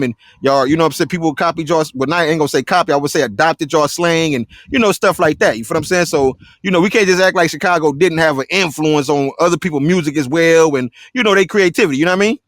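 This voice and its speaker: La guy hosting a chill interview, talks fast and slangy, dry close sound. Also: fairly high pitch, a bit bright, no echo. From South Central Los Angeles. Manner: laid-back slangy talk, keeps asking "you feel what I'm saying". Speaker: interview host. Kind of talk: casual interview chat.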